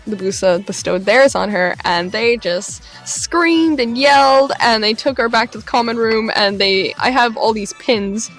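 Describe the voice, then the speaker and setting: Young woman vlogger, a touch high-voiced, animated storyteller who acts out quotes, faint music bed. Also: measured pace, hardly any pauses. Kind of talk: excited storytelling recap.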